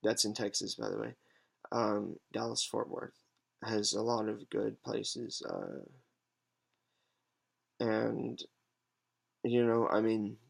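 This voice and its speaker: A man in his twenties giving a halting, hesitant, unscripted monologue with many pauses and fillers. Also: on the low side, animated, creaky, slightly rough. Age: 20s. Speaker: patient advocate vlogger. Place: alone at home.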